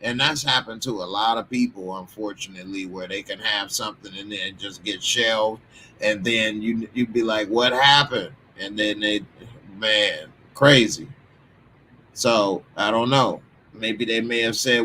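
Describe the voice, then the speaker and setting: A man's voice: lowish voice, steady tone, moderate pace, a little hiss or hum. Slangy, chatty Texan man. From Texas. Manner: loose, slangy, chatty asides with sudden loud bursts. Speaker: commentary channel host. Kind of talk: casual commentary reading viewer comments.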